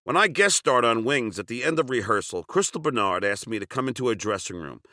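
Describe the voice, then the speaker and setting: A man's voice: medium pitch, expressive, fairly quick, sharp tone, no room sound, clean studio sound. A man reading his own memoir aloud, telling crude and sarcastic stories. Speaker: memoir narrator.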